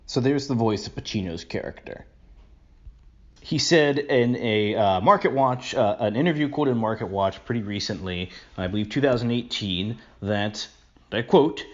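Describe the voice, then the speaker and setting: A man's voice: on the low side, expressive, normal speed. Hesitant man narrating a film video essay. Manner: analytical, hesitant, with many filler words. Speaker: film commentator. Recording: dull lo-fi voice-over.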